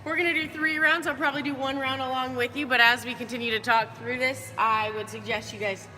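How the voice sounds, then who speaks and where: A woman's voice: high-pitched, fairly even intonation, fairly quick, pushed and bright. Chatty upbeat woman coaching in a gym. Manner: chatty, upbeat, greets viewers by name. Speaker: fitness coach leading a live workout. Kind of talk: live-stream chat while coaching. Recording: roomy hall reverb. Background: faint background music.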